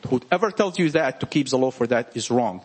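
A man with a French accent preaching informally to a small group, animated and emphatic, repeating his points. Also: medium pitch, fairly quick, husky.

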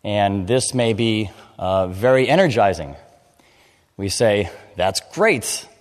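A man preaching an expository sermon, explaining scripture in a measured way and reading verses aloud. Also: fairly low pitch, animated. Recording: long hall reverb.

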